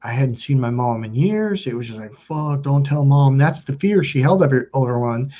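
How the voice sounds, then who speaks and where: Through muffled, low-fi stream sound, a man in his thirties tells his chat a personal anecdote, bluntly and loosely, with plenty of swearing. He talks briskly in a dark, mid-range voice with lively intonation.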